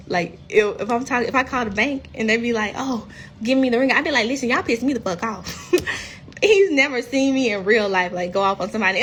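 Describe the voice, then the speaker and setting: A woman's voice: a little high, slight background noise. A woman in her thirties talking casually and bluntly on a phone live stream, swearing freely and acting out quoted speech. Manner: acts out quoted speech in lively voices. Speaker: reality TV cast member.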